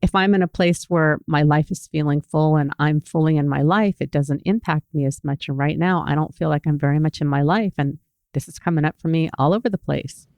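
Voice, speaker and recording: Female podcast co-host, very low voice, earnest and reflective, dry close sound. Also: brisk, darkish tone, dry recording. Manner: earnest, reflective, speaks openly about feelings. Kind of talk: casual podcast conversation.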